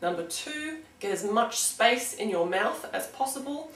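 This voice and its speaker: A woman's voice: on the high side, lively intonation, unhurried, roomy sound, recorded from a distance, poor audio. An Australian woman giving a casual singing lesson, chatty and encouraging, with frequent "um"s. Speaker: singing teacher.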